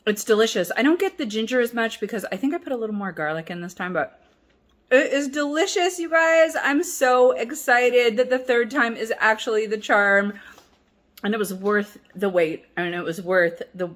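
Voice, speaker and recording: A woman's voice: mid-range voice, a bit bright. A woman hosting a cooking vlog, talking in a chatty, rambling and upbeat way. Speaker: cooking vlogger.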